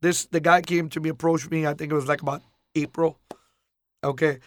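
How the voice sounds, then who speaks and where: A man telling a personal story in a casual interview, animated, acting out the people he quotes. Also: on the high side, a little fast, no echo, clean studio sound.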